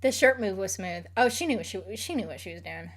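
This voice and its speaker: Young woman streamer, mid-pitched, loose rambly delivery full of "like". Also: expressive, brisk. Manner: rambling, filler-heavy, frequent "like". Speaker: streamer answering chat questions. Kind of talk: casual chat.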